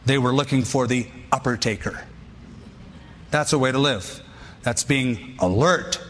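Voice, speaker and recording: A pastor delivering a sermon in short, emphatic, punchy lines. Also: male voice, mid-range voice, unhurried, fairly bright tone, long reverb tail, a little hiss or hum.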